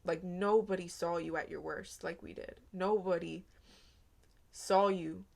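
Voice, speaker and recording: A woman's voice: fairly low pitch, steady tone, unhurried, vocal fry, darkish tone. A woman giving a casual tarot reading, earnest and rambling, with many fillers. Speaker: tarot reader.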